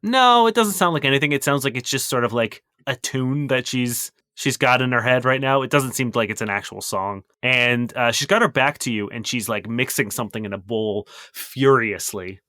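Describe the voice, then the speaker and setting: A man's voice: mid-range voice, moderate pace, hardly any pauses, sharp tone, no echo. A man narrating as game master in a casual, rambling way.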